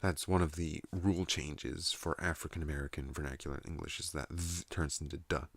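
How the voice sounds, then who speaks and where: A man hosting a soft-spoken ASMR channel, rambling at home in a soothing, unhurried monologue. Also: a bass voice, steady tone, no echo. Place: at home in a trailer.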